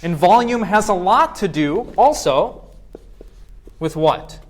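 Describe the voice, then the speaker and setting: Higher-voiced male professor lecturing a class. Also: animated. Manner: quizzes the class with quick questions; acts out voices to demonstrate points.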